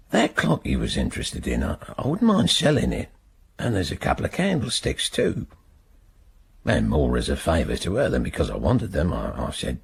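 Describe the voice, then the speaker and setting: An actor playing a British older man freed after many years in prison, telling his story in a halting, bitter way with a husky voice in a radio drama. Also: extremely low pitch, a little hiss or hum, exaggerated voice. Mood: recalling. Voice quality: gravelly, husky.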